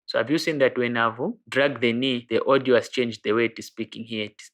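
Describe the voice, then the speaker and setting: Man explaining a software tutorial. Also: medium pitch, steady tone, a little fast. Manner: explains step by step, plain and informal. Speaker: music production tutor. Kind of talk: screen-recorded software tutorial.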